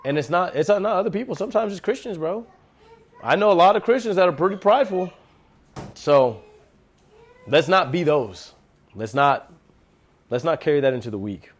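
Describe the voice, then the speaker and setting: Man, slightly high voice, laid-back church talk, slangy, animated, calls everyone bro. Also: normal speed, pauses often. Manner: animated, acts out quotes. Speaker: lay speaker at a church gathering. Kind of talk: casual devotional talk.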